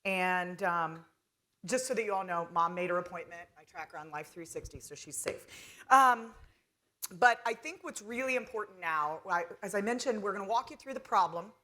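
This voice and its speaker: A woman's voice: fairly low pitch, normal speed, sharp tone, a little hiss or hum. A middle-aged woman from North Carolina moderating a conference panel, chatty and storytelling with fillers. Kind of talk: conference stage talk.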